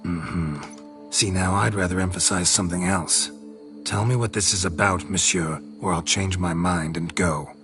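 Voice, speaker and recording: An actor voicing a terse, deadpan monster hunter in a video game, with faint music behind. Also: male voice, low-pitched, normal speed. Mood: sarcastic. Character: gruff terse monster hunter, dry wit. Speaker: witcher, hired monster hunter.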